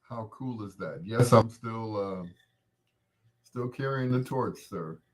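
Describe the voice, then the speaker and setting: An older man hosts a loose, casual chat with his viewers, rambling easily from one thought to the next. His voice sits low, and he takes his time, letting each phrase stretch out. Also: takes it slowly. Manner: relaxed, rambling, greets viewers by name. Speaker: host.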